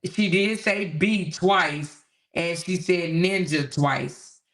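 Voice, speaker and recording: A woman hosting a casual live stream, talking to her viewers in an animated, incredulous way. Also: fairly low pitch, slow pace. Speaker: host.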